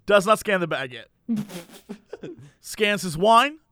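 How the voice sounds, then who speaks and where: A man's voice: sits high, slow pace. A man telling a funny anecdote in a casual chat, acting out the people in it and laughing often. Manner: animated, acts out voices in anecdotes, laughs often. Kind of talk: casual storytelling.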